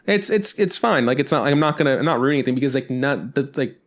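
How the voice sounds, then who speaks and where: A man co-hosting a casual podcast, talking in loose, rambling runs full of swearing and restarts. His voice sits at an ordinary middle pitch. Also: expressive, fast talker. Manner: rambling, profane, many restarts. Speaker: podcast co-host. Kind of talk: casual chat.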